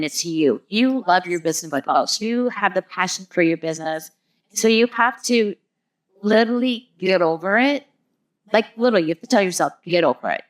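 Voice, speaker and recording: A woman, a guest on an interview show, explaining her ideas through long everyday analogies with frequent "like" and "you know". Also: mid-range voice. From US Midwest. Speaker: guest, marketing business founder. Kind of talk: casual interview chat.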